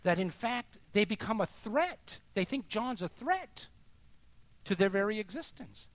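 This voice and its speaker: A man preaching a sermon as pastor, emphatic and deliberate, sometimes dropping to a hushed near-whisper. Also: high-pitched, sing-song, no echo.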